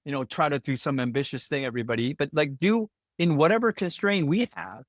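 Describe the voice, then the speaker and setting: Halting, reflective podcast host man. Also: on the high side, expressive, dry recording. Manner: reflective, halting, laughs often. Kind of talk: podcast interview.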